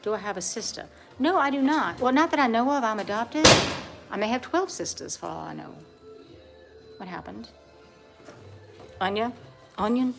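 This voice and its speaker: A woman's voice: a little high, lively intonation, moderate pace, gravelly, long pauses, over music. Woman in a mock Southern drawl. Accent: put-on Southern American drawl. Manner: teasing, mock-genteel, sing-song. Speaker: co-host. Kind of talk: playful live cooking chat. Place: home kitchen.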